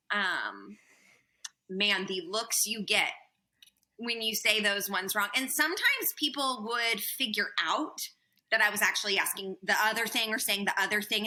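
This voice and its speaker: Very bright-voiced woman guest storyteller. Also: medium pitch, rough recording. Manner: animated storyteller with "um" and "man" fillers. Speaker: podcast guest, former missionary. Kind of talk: casual interview storytelling.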